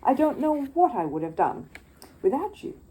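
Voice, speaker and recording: Woman doing a gentle, courteous elderly antique dealer in a storybook, mellow and patient. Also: high voice, sing-song, normal speed, voice pushed up, rough recording. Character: kindly older male antique dealer, gentle.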